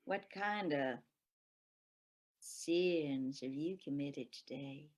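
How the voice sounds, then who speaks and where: A woman's voice: sits low, extremely slow, darkish tone, full character voice. A woman playing an older nun in a live improv scene, prying at first, then gleefully conspiratorial. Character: nosy, prim older female nun who secretly loves sin. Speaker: improv performer.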